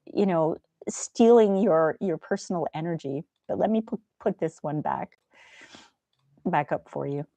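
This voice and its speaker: A woman hosting a livestream in a gentle, chatty way, reading viewer comments aloud. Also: on the low side, no echo. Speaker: livestream host. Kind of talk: casual chat.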